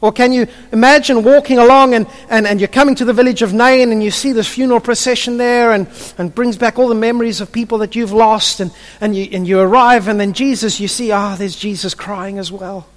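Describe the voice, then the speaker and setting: High-voiced preacher, echoing hall. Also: male voice, steady tone, brisk, few pauses. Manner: stammering restarts, vivid storytelling. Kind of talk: sermon. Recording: long hall reverb.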